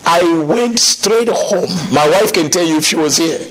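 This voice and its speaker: A middle-aged man telling his conversion story as a guest, animated and laughing now and then. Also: high voice, normal speed. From Zambia. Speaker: guest sharing testimony.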